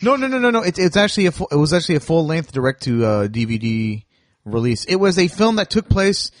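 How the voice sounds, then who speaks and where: Opinionated podcast host, slightly high voice. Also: male voice, very animated, quick pace, no room sound. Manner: opinionated, explaining with frequent restarts. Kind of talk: casual chat.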